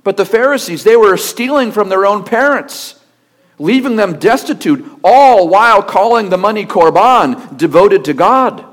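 A male pastor with a high voice preaches at a normal speed. His delivery is emphatic, built on rhetorical questions and steady repetition.

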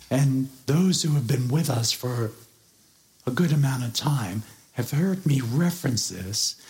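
In an unhurried sermon, a male pastor with a rough, gravelly-fry voice earnestly explains and expounds on a scripture passage. He leans hard on key words, and his pitch rises and falls in a lively way.

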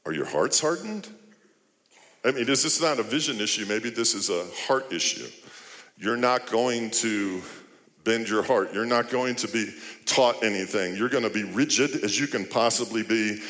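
A man's voice: fairly low pitch, moderate pace, fairly bright tone. Male pastor mid-sermon, questioning and emphatic, in a long-reverb hall. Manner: rhetorical questioning, rising to emphatic appeals.

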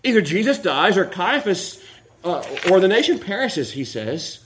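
A male pastor delivers a sermon in a high voice that leaps up and down as he goes. He is animated and plays out the quoted lines with dramatic swings in tone. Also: moderate pace. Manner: animated, acts out quotations with sudden swings in voice.

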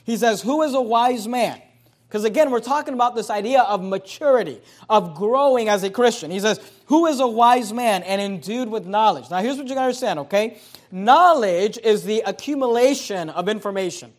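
A man with a high voice preaches a sermon to his congregation. He teaches verse by verse, explaining the text, then presses his points home with growing force. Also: brisk. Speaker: pastor.

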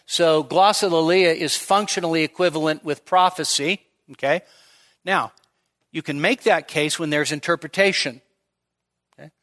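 A man's voice: a little high, fairly even intonation, moderate pace, pauses often, fairly bright tone. A male pastor giving a midweek teaching sermon, explaining step by step and often checking in with his listeners.

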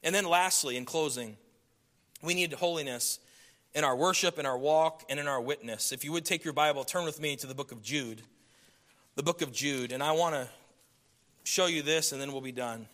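A middle-aged man preaching a sermon, swinging from loud emphasis down to hushed, intimate tones. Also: fairly high pitch, normal speed.

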